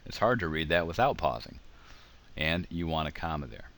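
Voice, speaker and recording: A man's voice: a bass voice, big pitch swings, moderate pace, a bit bright. A man giving a casual grammar lecture over slides, explaining with examples and frequent ums. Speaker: teacher.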